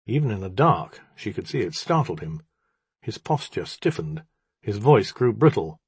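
Husky-voiced male audiobook narrator. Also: lowish voice, animated, normal speed, darkish tone, no room sound. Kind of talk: scripted narration.

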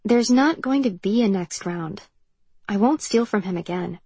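A woman narrator voicing a guarded, tired young woman who speaks in a defensive, subdued way, slightly husky. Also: medium pitch, expressive, unhurried, a little mellow, dry recording.

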